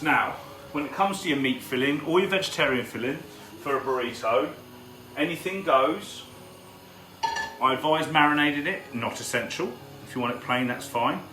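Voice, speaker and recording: A man's voice: mid-range voice, background noise. A man hosts a live cook-along from his home kitchen, chatting casually and greeting viewers by name as he cooks. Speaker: cooking show host. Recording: echoey kitchen with frying sizzle.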